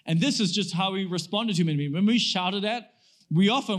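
A man's voice: high voice, brisk. A man preaching a sermon in a casual, conversational way, asking rhetorical questions and acting out quoted comebacks. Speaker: pastor.

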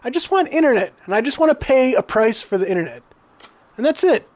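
Man ranting on a podcast, high voice. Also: sing-song, fairly quick, a little mellow. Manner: heated ranting with frequent swearing. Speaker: podcast co-host. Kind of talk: casual podcast chat.

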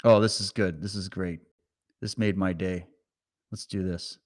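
A Canadian online commentator rants over clips, heated, sarcastic and profane. His voice is low and steady in tone, unhurried, with a slightly mellow quality.

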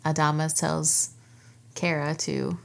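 A woman's voice: low-pitched, flat delivery, slow pace, vocal fry. A woman co-hosting a casual TV recap chat, laughing often and acting out characters' lines. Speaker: podcast co-host.

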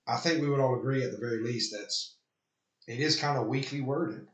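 A man's voice: mid-range voice, a little fast, muffled recording. Earnest male pastor in an echoey room. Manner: earnest, reads quotes aloud then rebuts them. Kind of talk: sermon critiquing an article.

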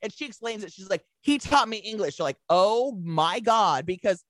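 Animated woman telling stories, lively pitch. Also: fast. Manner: animated storytelling, acts out quotes, swears freely. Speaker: podcast co-host. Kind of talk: casual chat.

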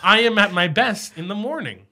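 A young man with a sharp, bright-edged voice chatting casually as a podcast co-host. He laughs a lot and trips over his words, restarting sentences when he gets worked up. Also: sits high, moderate pace. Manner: laughs often, stammers and restarts when excited. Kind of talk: casual chat.

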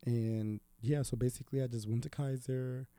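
A man's voice: medium pitch, fairly even intonation, normal speed, dark tone, clean tone, no echo. A young man telling a rambling, profane story in casual chat, with lots of "like" fillers.

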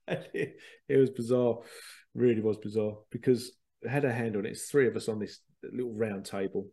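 A man, a spiritual medium hosting a show, telling stories in a chatty, animated way with laughter and the odd swear. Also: mid-range voice, brisk. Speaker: spiritual medium and podcast host. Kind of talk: casual storytelling.

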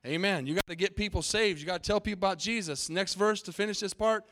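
A man's voice: high voice, quick pace, fairly bright tone. A middle-aged man preaching a sermon as pastor from the pulpit, emphatic, with call-and-response to the congregation. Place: church sanctuary.

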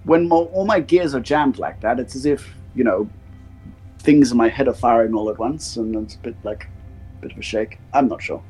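A man voicing a male clockwork construct with gears, who speaks in a stilted, formal, halting way. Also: medium pitch, darkish tone, slightly rough, faint music behind, close to an everyday voice. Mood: puzzled.

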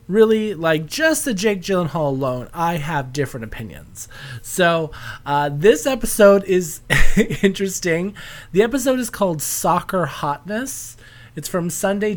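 A man's voice: high-pitched, animated, unhurried. A man hosting a casual podcast, rambling and self-deprecating and laughing often. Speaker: podcast host.

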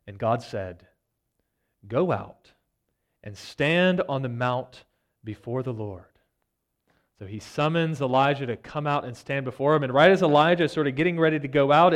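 A man delivers a sermon from the pulpit in a voice that sits a little high for a man. He reads scripture aloud and then retells it, building to urgent, intense passages before sinking to quiet, hushed lines. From Virginia, United States. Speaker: church elder preaching. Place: church sanctuary.

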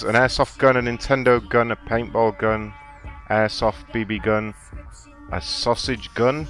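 A man's voice: mid-range voice, fairly bright tone. A man hosting a prank call show, rambling casually with crude, sarcastic remarks. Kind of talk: casual crude radio banter.

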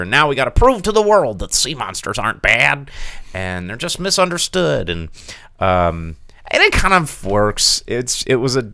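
A man's voice: low-pitched, pushed and bright, clean tone, dry recording, studio quality. A man co-hosting a movie podcast, chatting casually and rambling with many fillers and restarts. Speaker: podcast co-host reviewing movies. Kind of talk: casual chat.

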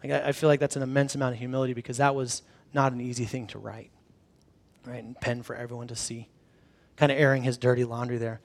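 A man giving a casual sermon, reading scripture and then playfully acting out the disciples' reactions in a conversational, animated way. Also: medium pitch, quick pace. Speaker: pastor.

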